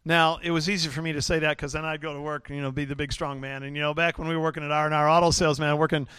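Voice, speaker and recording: A man's voice: on the high side, level tone, rapid-fire, a bit bright, clean tone, no room sound, clean studio sound. A middle-aged man preaching a sermon in a folksy, joking way with lots of fillers. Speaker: pastor.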